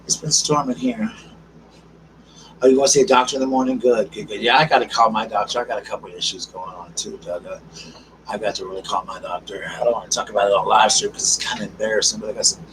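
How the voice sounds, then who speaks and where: A man hosting a casual live stream, chatting warmly with viewers and calling them girl, darling and honey. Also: fairly low pitch, fairly even intonation, fast talker. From South Carolina. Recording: distant mic with noticeable background noise.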